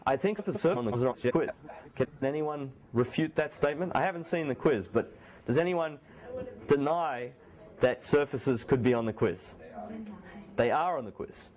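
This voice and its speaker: A man lecturing a university math class, his voice slightly sore, so he keeps it a bit quieter. His speech is relaxed and conversational, full of restarts and self-corrections as he works through examples. He sits at a middling pitch for a man. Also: normal speed. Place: lecture hall.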